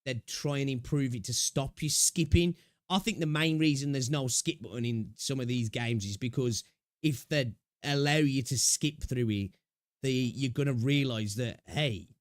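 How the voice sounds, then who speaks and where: A man's voice: mid-range voice, no echo, clean studio sound. A man streaming and reacting to a clip, rambling casually with many fillers and the odd swear.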